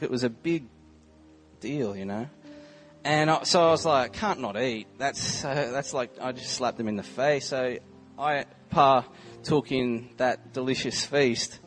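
A man's voice: medium pitch, fairly bright tone. A young man in his twenties with an Australian accent, telling a humorous story in a casual sermon and filling his sentences with "like" and "um". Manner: chatty, humorous storytelling with many "like" and "um" fillers. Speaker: visiting preacher.

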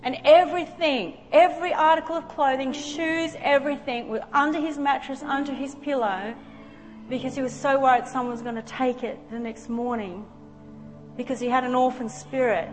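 A woman's voice: sits high, steady tone, moderate pace. A woman preacher delivering a sermon in a church, telling a personal story in an earnest, emotional way. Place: church sanctuary. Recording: long hall reverb with faint music.

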